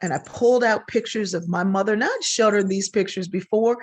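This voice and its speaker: An older sociologist on a podcast talks a little fast in a mid-range voice as she tells her stories. Animated throughout, she imitates the voices of the people she quotes.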